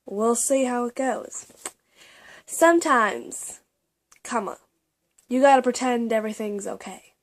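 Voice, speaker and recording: A young woman talks to the camera in a casual, confessional vlog. Her voice sits a little high. She speaks haltingly, with plenty of ums and restarts, and sometimes drops to a whisper. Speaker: vlogger.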